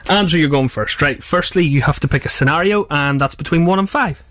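A man runs a comedy podcast game, explaining the rules in a casual, teasing way. His voice sits a little high for a man. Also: a little fast, fairly bright tone, dry recording. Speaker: podcast host. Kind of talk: casual chat.

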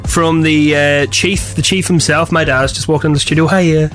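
A woman's voice: low voice, steady tone, over music. A woman hosting a breakfast radio show, chatting with callers and guests and laughing easily. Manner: bubbly, quick to laugh. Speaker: radio host.

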